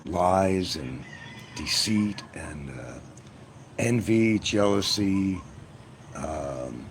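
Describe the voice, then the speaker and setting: A man's voice: low-pitched, lively intonation, very slow. A man hosting a live stream, chatting to his viewers in a rambling, meandering way. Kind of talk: rambling casual live chat. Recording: noisy ambient background.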